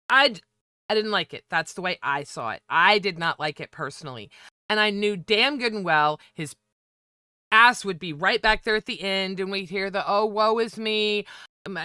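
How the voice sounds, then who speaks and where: A woman's voice: mid-range voice, bright, forceful tone, clean tone, dry recording, clean studio sound. A woman podcast host in casual panel chat, blunt and profane, ranting about what annoys her.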